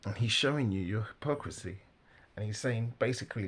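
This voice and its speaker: A man giving casual, animated religious commentary, laughing often and mimicking the people he talks about. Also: on the low side, a little fast.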